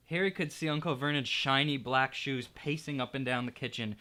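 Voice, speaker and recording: A man, an art teacher, reading a children's storybook aloud in an expressive, playful way. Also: medium pitch, brisk, few pauses.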